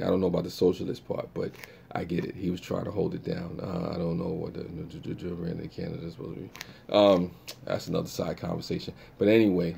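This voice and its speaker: A man's voice: low voice, gravelly, warm tone, slight background noise. A man hosting a live stream, chatting casually and reacting to viewer comments in a laid-back way.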